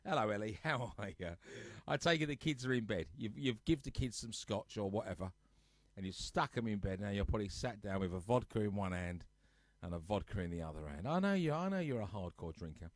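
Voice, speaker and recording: A man's voice: fairly low pitch, expressive, fairly quick, dry recording. A man casually chatting to live viewers on his home sofa show, teasing them and reading out their comments. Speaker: host of a live-streamed music show.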